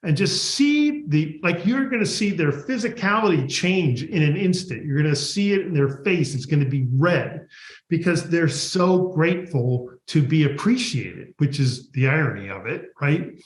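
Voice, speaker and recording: A man's voice: a little high, animated, normal speed. A man, a guest author, answering an interview and animatedly acting out workplace dialogue. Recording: echoey room.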